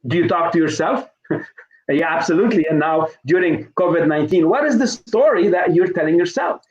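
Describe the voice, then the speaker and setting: A man's voice: a little high, fairly quick, reverberant, lo-fi sound. A middle-aged man, a sales trainer being interviewed live, telling stories with many restarts and fillers. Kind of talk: live online interview, conversational.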